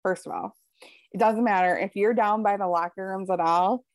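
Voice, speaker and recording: Expressive woman chatting about books. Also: medium pitch, moderate pace, no room sound. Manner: expressive, laughs easily, chatty asides. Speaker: podcast co-host. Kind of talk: casual book chat.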